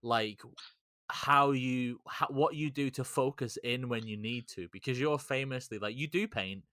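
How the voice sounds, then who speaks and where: A man's voice: medium pitch, unhurried, sharp tone, dry recording. A man hosting a podcast in casual chat, rambling, teasing and swearing freely. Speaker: podcast host.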